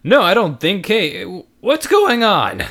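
A man's voice: sits high, wildly swooping pitch, a little slow, fairly bright tone, pitched above the performer's own voice, exaggerated voice. A man doing a weary shop clerk. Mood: polite. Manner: forced customer-service politeness. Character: weary male jewelry store clerk.

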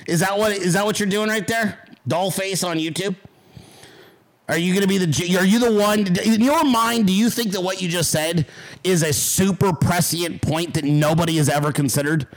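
A man's voice: high-pitched, steady tone, normal speed, rough recording. A man hosting a livestream, ranting at his chat with heavy profanity and mocking sarcasm. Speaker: livestream host.

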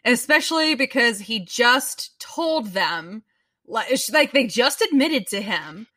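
A woman with a bright, fairly high voice chats as a podcast co-host. She sits a little back from the mic in a dry, dead-sounding space, and she talks playfully. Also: lively intonation, slow, no echo, distant mic. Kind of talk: casual chat.

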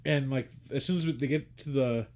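A man's voice: mid-range voice, normal speed. A man co-hosting a podcast, retelling an old movie in casual chat, acting out quotes and swearing freely. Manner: animated storytelling, acts out quotes, swears and laughs. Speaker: podcast co-host.

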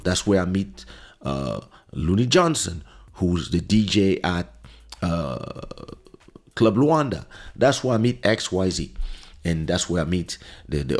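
A man talks casually into a studio microphone, in a low voice. He tells a long story with frequent restarts and quick acted-out quotes. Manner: conversational, with fillers and restarts, acting out quoted lines. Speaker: podcast host.

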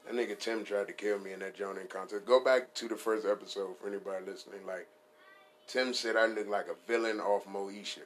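A man's voice: lowish voice, steady tone, brisk, a little hiss or hum. A man hosting a comedy podcast, riffing in a profane, rambling, playful way. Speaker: podcast host.

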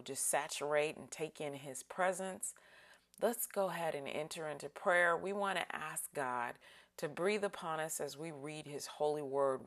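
Woman Bible teacher, low pitch, unhurried, calm guided pacing. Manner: slow, calm guided reading with breathing cues. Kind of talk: guided Bible study and devotional reading.

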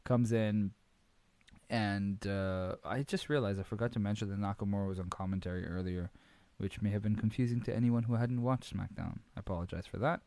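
A male podcast host giving a casual, rambling wrestling recap full of swearing, fillers and quick impressions. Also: fairly low pitch, steady tone, darkish tone, no room sound.

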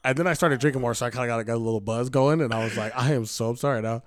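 A young man co-hosting a podcast, telling stories in a loud, animated way, swearing and laughing often. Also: medium pitch, very fast. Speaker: podcast co-host. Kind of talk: casual chat.

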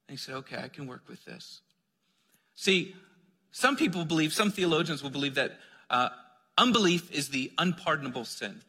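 Bright sharp-sounding guy preaching, chatty and jokey, long hall echo. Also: a little high. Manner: conversational and joking, reads scripture softly. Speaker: pastor. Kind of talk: sermon.

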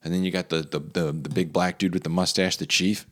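A man's voice: deep voice, steady tone, brisk, a bit bright. A young man in a casual, comedic rant, rambling with lots of fillers and repeats.

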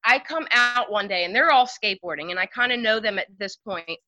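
Woman rambling stories on a podcast, lots of um and like, bright tense voice, dry dull sound. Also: mid-range voice, expressive, brisk, dry recording. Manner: chatty, many fillers like "um" and "like". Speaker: podcast guest. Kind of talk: casual storytelling.

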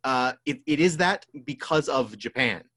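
A man of middle pitch on a podcast, talking loosely and at length. He pauses often on "um" and "like" while he gathers his thoughts. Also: expressive, a bit bright. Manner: rambling, full of "um" and "like". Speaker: podcast co-host. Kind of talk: casual chat about movies.

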